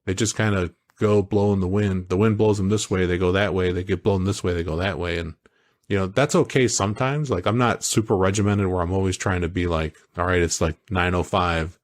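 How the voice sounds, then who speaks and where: A man co-hosting a podcast, talking in a casual, animated way that wanders through stories. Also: low-pitched, a little fast. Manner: animated, storytelling, digressive. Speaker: podcast co-host. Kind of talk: casual chat.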